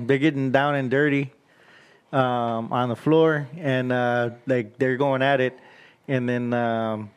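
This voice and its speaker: A man's voice: mid-range voice, clear, resonant tone. Hesitant man retelling a film. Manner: hesitant, with many fillers. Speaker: podcast co-host. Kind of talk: casual movie chat.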